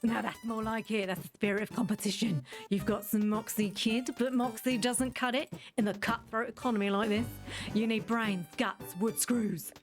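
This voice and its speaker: A woman's voice: fairly even intonation, moderate pace, music in the background, natural voice. A woman doing a grumpy old merchant lady. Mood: boastful. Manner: accusing, blustering, high and squeaky at peaks.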